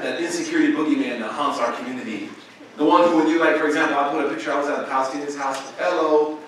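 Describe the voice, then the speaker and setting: A man from Oklahoma, a visiting imam, has a highish, somewhat bright voice as he gives a slangy, story-driven lecture and acts out what others said. The university lecture room is very echoey, the mic sits far off, and a little hiss or hum is audible.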